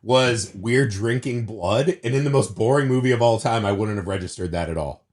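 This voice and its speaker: A man's voice: on the low side, moderate pace, a little mellow. A man co-hosting a podcast, ranting about a movie in casual, profane chat and sore from surgery wounds. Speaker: podcast co-host.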